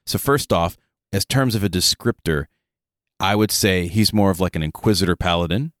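Deep-voiced joking podcast co-host man. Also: dry recording, clean studio sound. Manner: joking, rambling, quick asides. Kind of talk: casual tabletop gaming chat.

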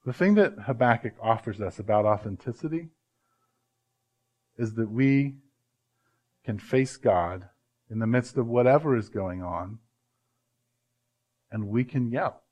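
A man, a pastor, preaching a sermon with emphatic swings from loud to hushed and slowing down to stress words. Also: medium pitch.

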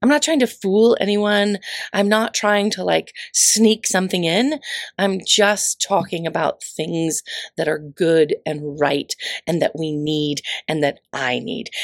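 A middle-aged woman hosts her motivational podcast in a raspy, gravelly voice. She talks with effusive energy, full of playful asides and emphatic repeats. The sound is dry and close, with no room around it. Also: lowish voice, no room sound. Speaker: podcast host. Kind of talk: upbeat motivational podcast monologue.

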